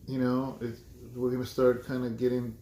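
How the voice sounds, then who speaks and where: Man, pastor, mellow voice, relaxed casual chat, roomy echo. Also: mid-range voice, moderate pace, slight background noise. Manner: relaxed and joking. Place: home room.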